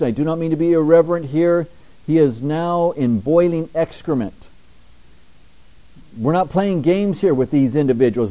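A male pastor delivering an emphatic sermon, slowing down deliberately when he reads scripture aloud. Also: a little high, dark tone. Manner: emphatic preaching, slows down to read scripture.

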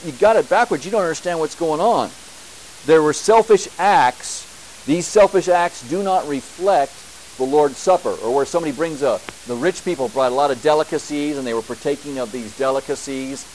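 A man preaching a church sermon, building to emphatic, repeated bursts and then dropping back to a quieter teaching tone. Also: medium pitch, slight background noise, low-quality recording. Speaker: pastor.

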